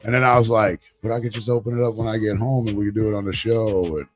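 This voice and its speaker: A man co-hosting a live talk show, telling a rambling, profane, animated story about winning a raffle. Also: lowish voice, fast talker. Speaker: podcast co-host. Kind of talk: casual storytelling chat.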